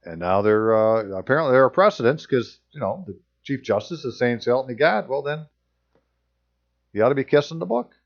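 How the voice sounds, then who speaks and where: A man's voice: medium pitch, lively intonation, a little fast, creaky, muffled recording. A man reading passages aloud and commenting on them in casual, sarcastic asides as a channel host.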